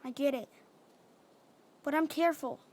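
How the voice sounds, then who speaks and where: A woman's voice: high-pitched, normal speed, a little mellow, close to an everyday voice. A woman voicing an earnest young boy with secret powers, insistent and a little defiant, in a video game.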